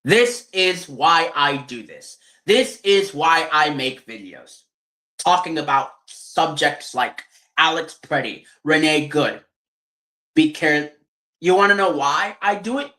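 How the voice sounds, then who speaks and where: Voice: mid-range voice, expressive, slow pace, bright, forceful tone. A streamer in a heated, profane political rant who keeps asking rhetorical questions. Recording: roomy echo.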